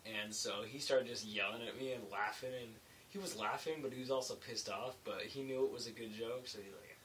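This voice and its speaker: Guy a bit far from the mic, soft hiss behind, chatting loosely about his construction job. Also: mid-range voice, fairly even intonation, fairly quick. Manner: rambling, loose, with many fillers. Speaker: construction laborer vlogger. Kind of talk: casual late-night storytelling. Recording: faint hiss, mic set back.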